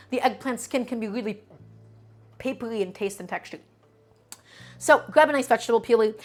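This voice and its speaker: A chatty woman hosts a relaxed cooking livestream with a fairly high voice. She walks through each step in a friendly, reassuring way. She keeps stopping to answer questions from chat. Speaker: cooking show host.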